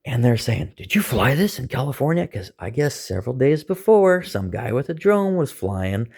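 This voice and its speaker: A man casually telling a long personal story, animated and acting out the voices of others. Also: mid-range voice, creaky, husky. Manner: animated, acts out quoted voices, chuckles. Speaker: storyteller recounting an arrest.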